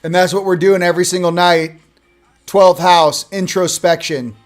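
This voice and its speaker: Male host, slightly higher voice, reads oracle cards casually with sarcastic jokes, faint music behind. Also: steady tone, moderate pace. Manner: joking, sarcastic asides. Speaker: host of a spiritual card-reading show. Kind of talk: casual oracle card reading.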